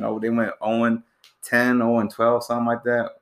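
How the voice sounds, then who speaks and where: A man's voice: medium pitch, monotone, normal speed, fairly bright tone, roomy sound. A young adult man hosting a podcast, telling laid-back stories full of slang and swearing in casual chat. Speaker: podcast host.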